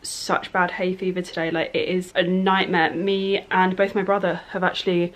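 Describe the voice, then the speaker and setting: A young woman chatting casually in a home vlog, bubbly and often dropping into a soft half-whisper. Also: lowish voice, little pitch movement, normal speed. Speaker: vlogger.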